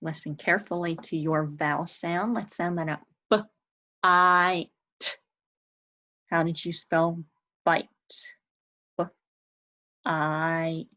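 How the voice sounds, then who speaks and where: A woman leads young children through a spelling lesson. She speaks very slowly in a slightly low voice. She sounds out each word and spells it letter by letter with patient encouragement. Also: fairly even intonation, pushed and bright, rough recording. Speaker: teacher.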